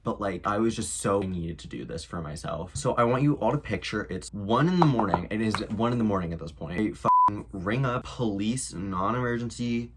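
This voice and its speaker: A man's voice: on the low side, expressive, a little fast, few pauses, heavy background noise. A man chatting casually in a get-ready-with-me vlog at home, rambling with lots of fillers and the odd swear word. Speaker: vlogger. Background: loud background music.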